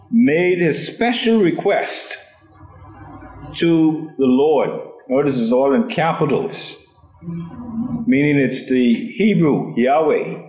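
A man's voice: a little high, a little mellow, echoey room, poor audio. A man leading a Bible study class, asking the group questions and often repeating his words.

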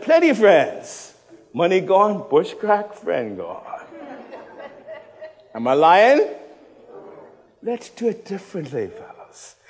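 Animated Bahamian preacher in a reverberant hall. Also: male voice, a little high, slightly rough. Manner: animated, swings from loud shouting to hushed tones, joking with the congregation. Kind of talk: sermon. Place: church hall.

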